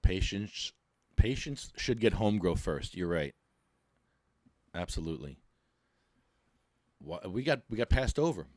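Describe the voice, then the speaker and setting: A man's voice: deep voice, sing-song, unhurried, long pauses, a little mellow, no echo, clean studio sound. A man hosting a podcast in casual chat, jokey and laughing as he talks in bursts. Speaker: podcast host.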